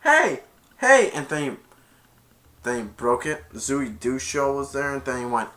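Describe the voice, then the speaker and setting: A man recapping a movie in a casual, rambling way, excited, restarting sentences and chuckling as he goes. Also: medium pitch, measured pace. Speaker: movie reviewer.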